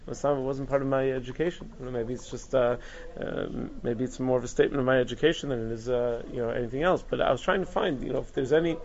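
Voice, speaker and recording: A man's voice: mid-range voice, fast, dull audio, slight background noise. A man teaching a Torah class, thinking aloud with frequent restarts and asides. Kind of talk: recorded Torah lecture.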